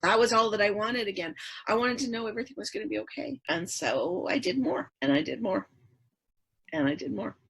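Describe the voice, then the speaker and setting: A woman's voice: a little high, animated, fairly quick, vocal fry, hardly any pauses, a bit bright, breathy edge. A middle-aged woman, a podcast guest, earnestly recounting her past in a repetitive storytelling rhythm. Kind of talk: personal story in interview.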